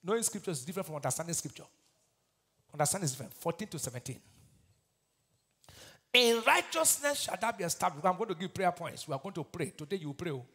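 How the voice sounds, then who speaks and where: A man preaching a fiery sermon as pastor, breaking into loud shouted peaks and reciting scripture. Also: on the high side, rapid-fire, breathy edge. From Nigeria. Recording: long hall reverb.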